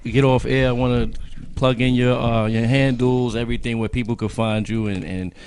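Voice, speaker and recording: A man hosting a radio show, chatting casually and giving shout-outs to his guests and listeners. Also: mid-range voice, fairly even intonation, normal speed, slight background noise. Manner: laid-back, hypes up guests with shout-outs. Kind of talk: casual interview chat and sign-off.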